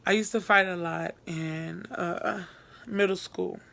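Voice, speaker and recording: A woman's voice: fairly low pitch, steady tone, takes it slowly, vocal fry, fairly bright tone. A young woman chatting casually in a get-to-know-me vlog from her bed at night, rambling with many fillers and repeating herself. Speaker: vlogger.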